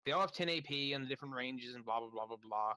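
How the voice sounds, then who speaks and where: A man's voice: mid-range voice, quick pace, pushed and bright, low-quality recording. A man running a tabletop role-playing game, explaining rules casually and with enthusiasm. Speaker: game master.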